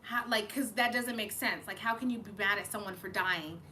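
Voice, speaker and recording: Woman, live-stream psychic reader; bright, pressing tone; tearful, rambling, profane. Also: mid-range voice, a little fast, slight background noise. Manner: emotional, rambling, with frequent swearing and restarts. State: fighting back tears. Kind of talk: live-streamed channeled reading.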